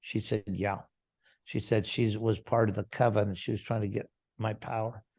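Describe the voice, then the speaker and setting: A man's voice: fairly low pitch, level tone, normal speed, creaky, a little mellow, slightly rough. A male pastor giving a testimony to a congregation, retelling a story and acting out the dialogue.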